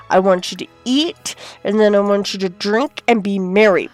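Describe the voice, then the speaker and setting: A woman's voice: mid-range voice, normal speed, few pauses. A woman chatting casually over her life-sim gameplay, talking to her characters and her viewers. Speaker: gameplay narrator. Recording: faint background music.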